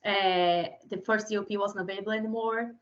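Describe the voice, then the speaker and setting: A woman, a filmmaker in an interview, telling animated stories and acting out the lines of the people in them. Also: mid-range voice, a little fast, a little hiss or hum. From Brazil. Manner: animated storyteller, acts out quotes, laughs often. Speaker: filmmaker guest. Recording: slightly muffled recording.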